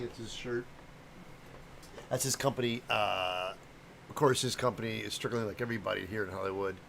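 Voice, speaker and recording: This is casual livestream talk from a middle-aged prop maker from the American Midwest who wanders from topic to topic and stumbles on names. He speaks at a medium pitch with vocal fry, over slight background noise.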